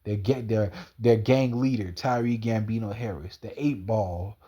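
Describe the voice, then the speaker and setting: A man's voice: fairly low pitch, fairly even intonation, a little slow, warm tone, dull audio. A man rambling through a slangy personal monologue, stumbling, repeating himself and calling an absent person by name. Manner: slangy, repetitive, stumbling retelling.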